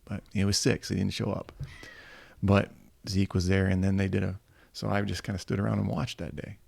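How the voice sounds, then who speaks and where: Gravelly deep-voiced man telling stories. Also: a little fast, no echo. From Michigan. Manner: animated anecdotes, acting out quoted voices. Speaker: football coach and guest. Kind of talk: casual storytelling.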